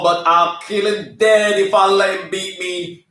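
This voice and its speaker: Sassy high-voiced Jamaican man, echoey room. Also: takes it slowly, bright, forceful tone. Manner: sassy, scolding, flamboyant, with bursts of song. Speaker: comedian. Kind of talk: live comedy banter. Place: live show venue.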